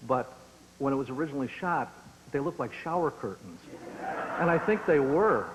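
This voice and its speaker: A man on a fan panel recalling a story in a halting way, with many restarts. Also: mid-range voice, expressive, noisy background. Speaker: convention panelist. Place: large convention hall. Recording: busy crowd, 1990s audience tape.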